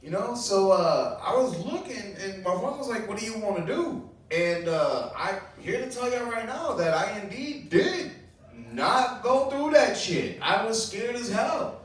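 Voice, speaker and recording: Puerto Rican man, stand-up comic, loose rambling delivery, distant mic in an echoey club. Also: measured pace. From Puerto Rico. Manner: loose storytelling with fillers, climbing high when excited. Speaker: stand-up comedian. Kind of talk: stand-up set at an open mic. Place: small comedy club, open mic. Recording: echoey room, far from the mic.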